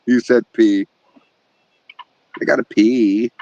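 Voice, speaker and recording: A man's voice: lowish voice, fairly even intonation, slow, mellow, no room sound. A man hosting a casual livestream chat, joking and cursing as he reads out names from the chat. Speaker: podcast host. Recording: muffled with clear background noise.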